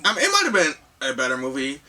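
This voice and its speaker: Bright lively guy teasing his buddy about a movie, sounds a bit far off. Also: fairly high pitch. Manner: teasing, quick to laugh and correct his co-host. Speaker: co-host of movie review show. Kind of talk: casual movie review chat.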